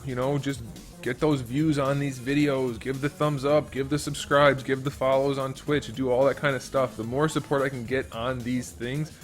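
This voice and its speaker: A man hosting a casual modeling tutorial, rambling and thinking aloud while he works. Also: medium pitch. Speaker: YouTube host and 3D modeler.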